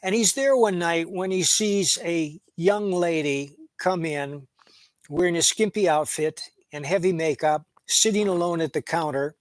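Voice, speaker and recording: A man's voice: on the high side, a little slow, no echo, rough recording. A man giving a casual, opinionated film review, speaking plainly as he retells the plot at length. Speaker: movie reviewer.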